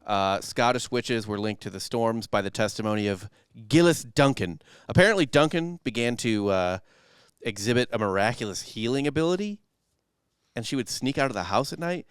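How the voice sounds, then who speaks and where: A man's voice: mid-range voice, lively intonation, moderate pace, clear, resonant tone, dry recording, studio quality. A young man hosting a casual comedy history podcast, telling the story in a rambling, joking way. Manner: joking, rambling storyteller, playful quoted voices.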